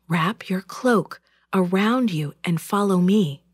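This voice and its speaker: A woman voicing a gentle angel in a storybook reading, soft and hushed yet urgent. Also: medium pitch, slow pace, breathy edge, no echo, clean studio sound.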